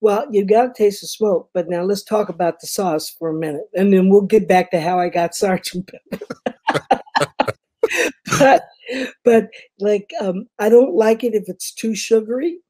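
A woman's voice: mid-range voice, normal speed, mellow. An older woman with a Memphis Southern accent, telling rambling stories as an interview guest, laughing often. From Memphis, Tennessee. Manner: chatty, rambling, laughs often, says "you know" a lot. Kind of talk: casual storytelling interview.

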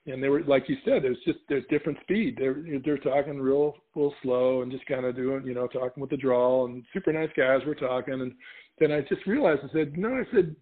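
A middle-aged man from California, a podcast guest telling stories in casual chat, animated and quick to laugh as he acts out what people said. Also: mid-range voice. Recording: tinny phone-like line.

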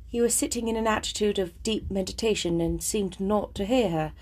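Husky woman reading a classic novel. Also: mid-range voice, fairly quick, darkish tone. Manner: chatty, self-deprecating, eager. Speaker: audiobook reader. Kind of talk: casual intro then novel narration.

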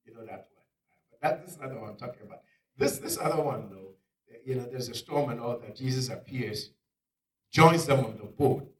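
A male preacher giving a dramatic sermon, swinging from loud exclamations down to near-whispers. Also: medium pitch, expressive, a little fast. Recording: echoey room, picked up from far off.

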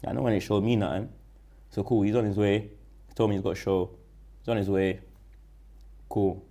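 This young man with a London accent has a lowish voice and talks a little fast. Guesting on a casual interview, he tells a rambling, slang-heavy story and livens up as he retells it.

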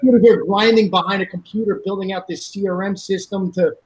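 Podcast guest, man, high voice, loose scattered chat. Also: steady tone, a little fast, poor audio. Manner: laughing, a bit rusty and scattered. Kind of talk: casual chat.

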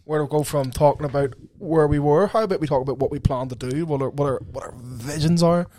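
A man co-hosting a podcast, talking in a rambling, animated way and swearing casually. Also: a little high, fast talker, slight background noise. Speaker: podcast co-host. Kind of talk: casual chat. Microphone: podcast mic.

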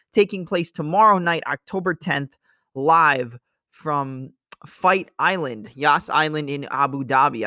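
A man's voice: on the high side, pushed and bright, no room sound, clean studio sound. A man hosting a casual fight-analysis show, talking loosely and analytically and sometimes imitating strikes with sound effects. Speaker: MMA analysis host. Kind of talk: casual fight breakdown monologue.

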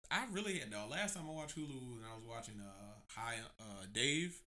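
A man in his late twenties chatting casually on a podcast, swearing freely and jumping into a high pitch when he quotes people. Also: animated, brisk, bright, forceful tone. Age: 20s. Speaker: podcast co-host. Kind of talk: casual chat.

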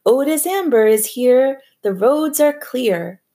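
A woman voicing a loud, jolly older male delivery man who hollers his words. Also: high-pitched, lively intonation, slow, pitched above the performer's own voice, heavily acted.

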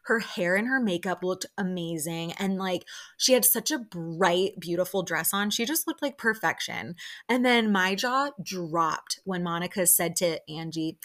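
A young woman hosting a podcast, chatting excitedly about a show with lots of fillers and quick quoted reactions. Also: fairly low pitch. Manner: chatty, excitable, lots of "like" fillers, quoting people in lively bursts. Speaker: podcast host. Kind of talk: casual solo recap chat.

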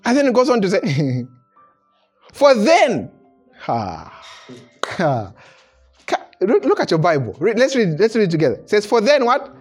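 A man's voice: high voice, measured pace, long pauses, slightly rough, faint music behind. A man preaching a sermon to a congregation. He chuckles often and restarts his phrases as he builds his point. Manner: animated preaching with frequent chuckles and repeated words. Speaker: pastor. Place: church service before a congregation.

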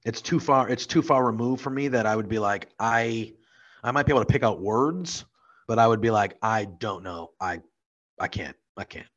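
A man's voice: lowish voice, moderate pace, fairly bright tone, highs cut off. A man co-hosting a podcast, chatting casually in an easygoing, agreeable way. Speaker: podcast co-host. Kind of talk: casual chat.

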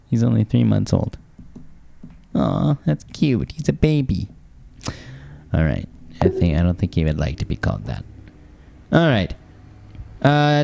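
A man's voice: fairly low pitch, gravelly, warm tone. A man co-hosting a podcast in casual chat, joking, laughing often and swearing offhandedly. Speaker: podcast co-host.

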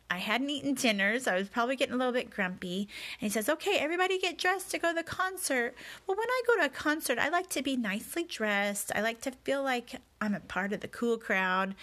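A woman's voice: medium pitch, a bit bright. A woman telling a personal story in a candid, confessional, reflective way as a podcast host.

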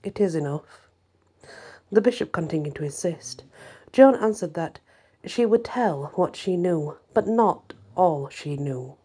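A woman hosting her own channel, reading a historical novel aloud in a steady storytelling manner. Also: fairly low pitch, unhurried, slightly rough. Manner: steady storytelling, voices quotes lightly. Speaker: channel host and reader.

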